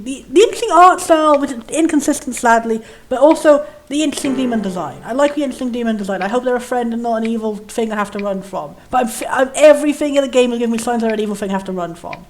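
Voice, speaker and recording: Fast-talking high-voiced woman playing a game. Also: lively intonation, a little hiss or hum. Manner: rambling, puzzled questioning asides. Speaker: let's play host. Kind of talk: casual game commentary, reading on-screen text aloud. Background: faint game music.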